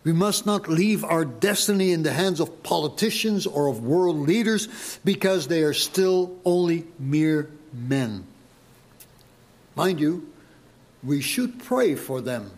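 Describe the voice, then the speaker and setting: A man preaching a sermon to his congregation, slow and deliberate, pressing his listeners with emphatic questions. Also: a little high, lively intonation, darkish tone. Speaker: pastor.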